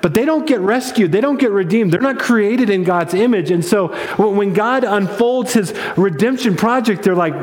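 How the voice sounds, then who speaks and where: A male pastor preaching in a relaxed, conversational way, often restarting his phrases. His voice sits high for a man, and it rings out with a long echo in a large church hall. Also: moderate pace, hardly any pauses. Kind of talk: sermon. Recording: echoey hall with long reverb.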